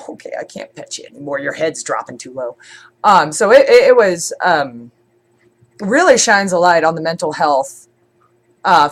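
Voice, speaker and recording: Casting: congested woman streamer, rambling chat, lowish voice. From born in Scotland, raised in Germany. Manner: rambling, with many fillers and restarts. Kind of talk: casual chat.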